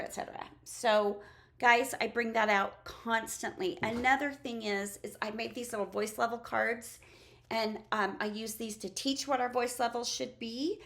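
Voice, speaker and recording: Chatty preschool teacher woman, creaky voice. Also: fairly high pitch, fairly bright tone. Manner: chatty, demonstrates classroom routines aloud. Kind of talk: casual classroom-resource walkthrough.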